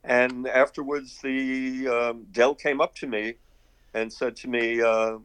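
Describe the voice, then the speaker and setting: An older man from Brooklyn spins long, rambling stories from his past as a guest. He chuckles here and there, and his voice sits at an ordinary middle pitch for a man. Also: little pitch movement, takes it slowly, a bit bright, clear, resonant tone, no room sound. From Brooklyn, New York. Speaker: guest, artist and director. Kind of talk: casual interview storytelling.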